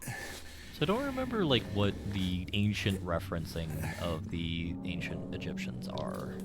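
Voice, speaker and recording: A man's voice: sits low, animated, unhurried. A man casually commenting while playing a game on stream, rambling with many "like" fillers and side remarks.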